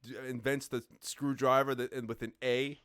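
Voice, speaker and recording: Chatty guy hosting a live show, smooth clear voice, super dry close sound, lots of "like"s and laughs. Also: mid-range voice, moderate pace, no echo. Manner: animated storyteller, laughs often, many "like"s. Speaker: co-host. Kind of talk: casual live-stream chat.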